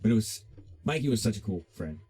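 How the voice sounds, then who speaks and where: A young man co-hosting a podcast, telling animated stories in casual chat, swearing freely and acting out his friends. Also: fairly low pitch, fast, husky. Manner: animated storyteller, swearing, acts out friends' voices. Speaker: podcast host.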